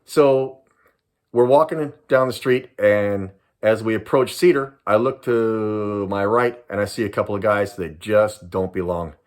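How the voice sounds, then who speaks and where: A man in his sixties from Southern California, a retired police sergeant and private investigator, telling a personal story to camera in an animated, dramatic way. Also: fairly low pitch, a little slow. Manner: animated, dramatic storyteller who acts out voices and laughs.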